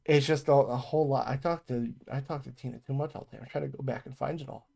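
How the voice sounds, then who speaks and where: A man's voice: medium pitch, fairly even intonation, fast talker, gravelly, darkish tone, breathy edge. A man co-hosting a podcast from home, telling rambling, profane stories about his workday and often losing his train of thought. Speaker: podcast co-host. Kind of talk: casual storytelling chat.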